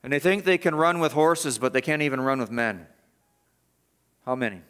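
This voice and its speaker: A male pastor preaching a sermon in church, emphatic and repetitive, swinging from loud urgency to quiet gravity. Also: mid-range voice, lively intonation, normal speed, clear, resonant tone. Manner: emphatic, repeats words for stress.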